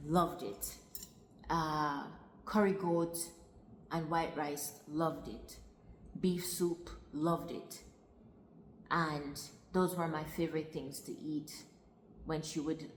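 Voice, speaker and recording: Woman, storytelling vlogger, low voice, roomy hall with long reverb. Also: a little hiss or hum. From Jamaica. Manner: meandering, with restarts and repetition. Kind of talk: personal storytelling.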